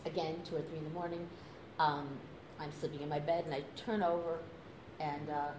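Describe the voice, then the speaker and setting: An older woman telling a story in a relaxed, animated way, laughing now and then and acting out quoted lines. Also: deep voice, fairly quick. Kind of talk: casual anecdote telling. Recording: echoey room with noise.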